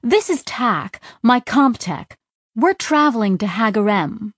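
A woman's voice: fairly high pitch, animated, unhurried, no echo, studio quality, pitched above the performer's own voice. A woman doing a gleeful young AI woman. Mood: bright. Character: eager young female AI in a body kit.

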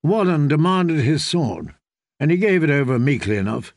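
A man narrating a fantasy audiobook in a brisk, even storytelling manner. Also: on the high side, no echo, clean studio sound.

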